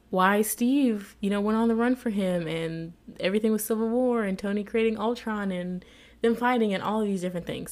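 A woman giving a chatty, expressive recap of a TV episode, laughing often as she talks. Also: fairly low pitch. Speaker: TV episode reviewer.

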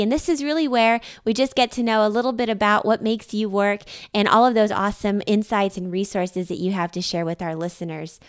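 A woman hosting a casual podcast interview, upbeat and quick to laugh, thanking her guest and moving the talk along. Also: fairly high pitch, clear, resonant tone. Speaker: podcast host.

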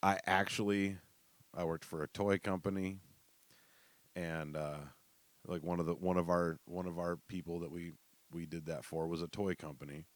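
Young man with a deep voice, loose and profane, a laughing storyteller. Close, dry recording. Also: steady tone, moderate pace, no echo. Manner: loose, profane, laughs through his stories. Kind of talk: casual storytelling.

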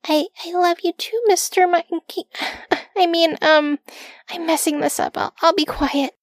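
A woman voicing a timid, insecure little pet rock that speaks in a shaky, halting way in a storybook reading. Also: sits high, animated, a little mellow, husky, no echo, studio quality. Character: timid shy pet rock, small and unsure.

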